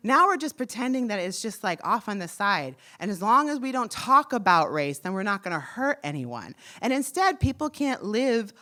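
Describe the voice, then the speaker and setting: A woman in her forties telling a personal story on stage, lively, acting out the voices she quotes. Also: medium pitch, normal speed, hardly any pauses. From United States. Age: 40s. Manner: animated, acts out quoted voices.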